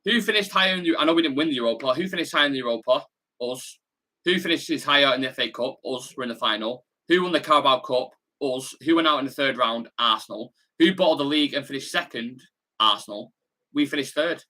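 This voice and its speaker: Here a young Salford man, who hosts a football fan channel, leads a watch-along, reading viewer comments and chatting bluntly with slang. His voice is mid-range, quick and sharp, with a Salford, Manchester accent from his roots in Salford, England.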